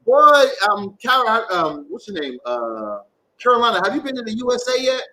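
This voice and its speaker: A man's voice: high voice, sing-song, normal speed, pushed and bright, rough recording. A man hosting a tarot reading livestream, chatting casually and rambling, swearing often as he reads out viewers' comments.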